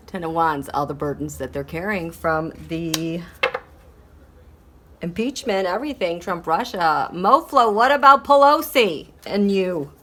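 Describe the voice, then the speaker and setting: A woman giving a solo tarot reading in a deliberate, measured way. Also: sits low, a little hiss or hum. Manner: slow, deliberate delivery broken by fits of giggling. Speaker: tarot reader.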